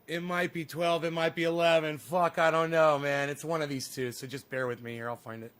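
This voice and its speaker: High-voiced profane ranting man. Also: fairly even intonation, fairly quick, a bit bright, clear, resonant tone. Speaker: livestreamer. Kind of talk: casual livestream rant.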